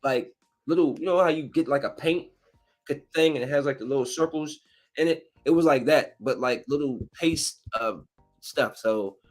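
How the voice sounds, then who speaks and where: A man of middling pitch chats through a movie plot as a podcast host, rambling and animated. He slips into quick impressions of the characters as he goes. Soft music plays faintly behind him. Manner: rambling, animated storytelling with acted-out quotes. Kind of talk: casual movie recap.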